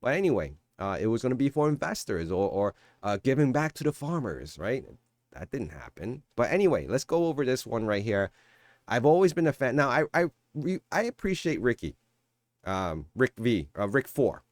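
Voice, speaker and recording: Animated rambling man on a crypto vlog. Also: medium pitch, moderate pace, no room sound, clean studio sound. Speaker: crypto YouTuber. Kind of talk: casual vlog commentary. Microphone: shotgun mic.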